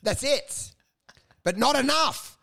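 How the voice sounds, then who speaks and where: A man's voice: very high voice, animated, slow, vocal fry, sharp tone. A man riffing as a podcast co-host, rambling and self-mocking with plenty of swearing. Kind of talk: casual comedic podcast chat.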